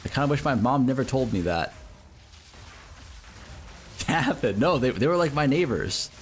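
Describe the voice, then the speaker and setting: An American game streamer talks to his viewers in a rambling, unpolished way, full of fillers, easy swearing, and frequent laughter. His ordinary middle pitch swings widely at a normal speed, with faint ambient noise underneath.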